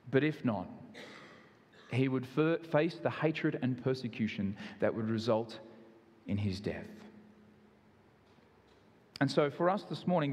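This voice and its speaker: A man's voice: mid-range voice, big-room sound. A man with an Australian accent, preaching a sermon in an earnest, conversational way with self-deprecating asides. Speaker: pastor.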